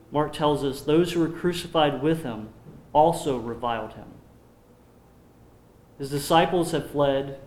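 A man preaching a sermon, slowing down when he reads scripture aloud. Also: a little high, a little mellow, reverberant. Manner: slows down to read scripture aloud.

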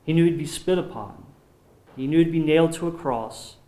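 A man preaching a sermon as pastor, earnest and measured, often dropping his voice low on solemn points. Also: mellow. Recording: roomy echo.

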